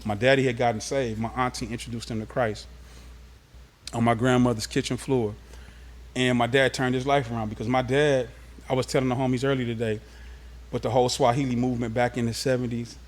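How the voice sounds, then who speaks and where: Man from los angeles, interview guest, casual streetwise storytelling, mid-pitched voice. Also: level tone, fairly quick.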